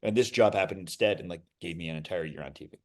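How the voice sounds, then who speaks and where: Animated, low-voiced male actor guest. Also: quick pace. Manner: animated storyteller, many restarts and asides. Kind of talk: casual interview storytelling.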